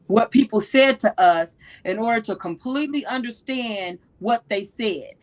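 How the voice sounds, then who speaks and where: Brief: woman host in her thirties, fairly high pitch, animated, repeats phrases for emphasis. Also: moderate pace, poor audio. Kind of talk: casual advice talk.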